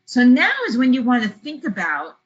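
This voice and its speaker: A woman's voice: fairly high pitch, big pitch swings, normal speed, dull audio. A woman leads a travel business webinar and tells a personal story to make a point, chatting with lots of fillers. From California. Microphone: webinar computer mic.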